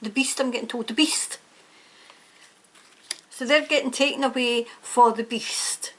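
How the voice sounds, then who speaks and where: Brief: woman tarot reader, high bright pitch, emphatic and fired-up, ranting monologue. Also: fairly even intonation, unhurried. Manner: emphatic, indignant, prone to ranting. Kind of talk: tarot reading monologue to camera.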